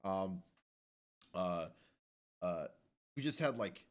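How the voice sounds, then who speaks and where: A man's voice: sits low, lively intonation, slow, slight background noise. A man co-hosting a podcast in casual chat, easygoing and full of fillers as he tells stories. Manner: easygoing, filler-heavy storytelling. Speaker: podcast co-host.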